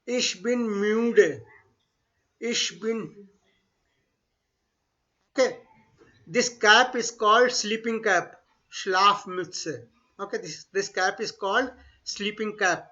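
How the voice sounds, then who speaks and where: The clip sounds like a remote lesson: dull, lo-fi audio of a bright, high-pitched male German teacher. He models phrases slowly and repeatedly, then clarifies them in a mix of English and Hindi.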